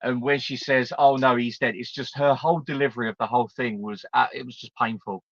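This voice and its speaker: A man's voice: medium pitch, steady tone, fast, creaky, fairly bright tone, no echo. A man hosting a live stream, chatting casually, laughing and swearing as he mimics film lines. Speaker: host. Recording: dull lo-fi stream audio.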